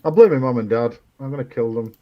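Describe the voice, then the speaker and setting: A man's voice: medium pitch, quick pace, highs cut off. A man chatting as a guest on a live stream, blunt, jokey and opinionated. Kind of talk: casual live-stream chat.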